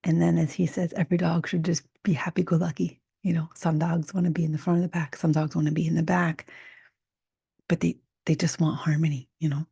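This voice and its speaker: Woman host, warm low tone, flat delivery, soft half-whispered reflective monologue. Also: fairly quick, creaky, breathy edge, no room sound, studio quality. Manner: soft, often half-whispered, musing with restarts. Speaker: podcast host. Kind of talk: reflective solo podcast talk.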